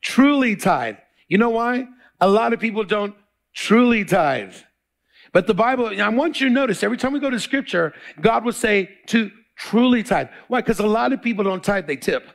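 A man's voice: high voice, expressive, moderate pace, gravelly. A male pastor preaching a sermon, quizzing the congregation in call-and-response.

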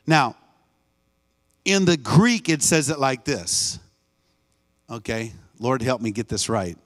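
Speaking slowly at a medium pitch, a man preaches live as a guest in a church sanctuary. His delivery is emphatic and repetitive, with call-and-response exchanges as he calls out to the congregation.

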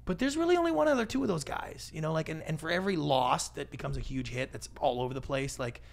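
Animated, gravelly storyteller man. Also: a little high. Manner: animated storyteller, acts out quoted voices, quick asides. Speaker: podcast guest, pitching expert. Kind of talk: casual interview talk.

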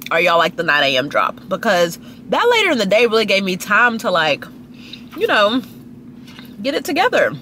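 Gossipy woman with lively pitch. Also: moderate pace, slight background noise. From Dallas, Texas. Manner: gossipy and chatty, swooping pitch jumps. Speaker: lifestyle vlogger. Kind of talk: casual chatty vlog talk to camera. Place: at a restaurant, people watching.

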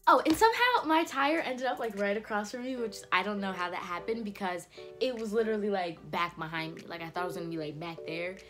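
A teenage girl vlogger tells a story to her camera, chatty and casual, stuffing every phrase with "like" and laughing often. Her mid-range voice moves fast with a fairly bright tone over soft background music.

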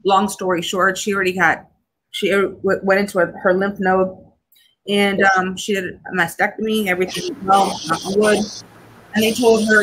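A woman in her forties, a guest telling a personal family story in a rambling, halting way, tearful at times. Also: medium pitch, little pitch movement, noisy background. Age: 40s. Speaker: guest, cigar business owner.

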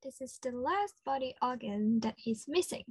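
A woman with an Australian accent leading an interactive children's lesson, slow and encouraging, full of praise. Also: sits high, animated, breathy edge, no room sound. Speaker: children's speech clinic presenter.

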